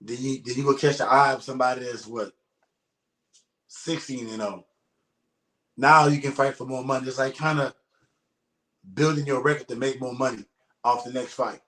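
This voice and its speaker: A man's voice: medium pitch, fairly even intonation, moderate pace, long pauses, fairly bright tone. A man, a retired professional boxer, talking bluntly and casually as an interview guest, with frequent swearing. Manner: blunt, profane, emphatic. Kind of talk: casual conversation. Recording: echoey room.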